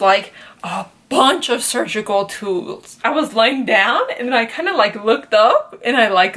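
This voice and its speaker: A young woman chatting to camera in a casual storytime vlog, animated and full of "like" and "literally". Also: a little high. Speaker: beauty vlogger.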